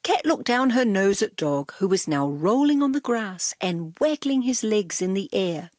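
A woman reading a children's storybook aloud in a soft, gentle voice that dips into whispers. Her pitch rolls expressively while the pace stays unhurried. The recording is close and dry. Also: sing-song, dry recording. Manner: soft, drops to whispers on tags.

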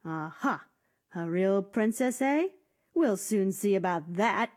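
Woman doing a sly storybook queen, soft, mellow and breathy, regal and scheming. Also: medium pitch, expressive, slow.

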